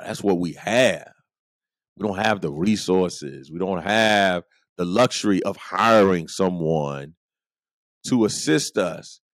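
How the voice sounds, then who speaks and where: A man with a low voice tells stories in a casual, animated way. He acts out what his friends said and laughs easily between lines. The sound is dry and close, with no room around it. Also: no echo. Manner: animated, acts out quoted friends, chuckles often. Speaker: podcast host. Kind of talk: casual storytelling monologue.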